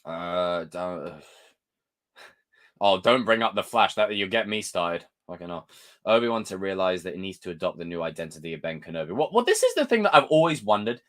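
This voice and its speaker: A man's voice: low voice, very animated, fairly quick, a bit bright. A man, hosting a live stream and ranting in a casual, exasperated way, swearing often.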